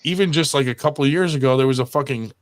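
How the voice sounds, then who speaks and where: Brief: man, mid-pitched, rowdy anecdote teller, swears freely, does voices in his stories. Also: racing. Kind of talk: casual profane storytelling.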